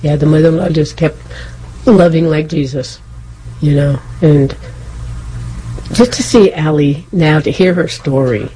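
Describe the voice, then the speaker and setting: A woman's voice: sits low, unhurried, long pauses, slight background noise. A woman co-hosting a casual faith chat, telling a personal story with animation and acting out what people said. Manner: animated, acts out quotes, laughs often. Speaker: co-host.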